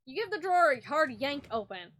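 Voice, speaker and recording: Young woman streamer, high and swingy, excitable and profane, reads game text aloud. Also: a little fast, slight background noise. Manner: excitable, profane, mock-indignant. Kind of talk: casual gameplay commentary, reading game text aloud.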